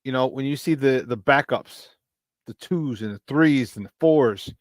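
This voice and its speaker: Brief: male sports talk show host, high-energy and laughing, dry close sound. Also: normal speed, no room sound. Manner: hyped, shouting out chat viewers with frequent laughs.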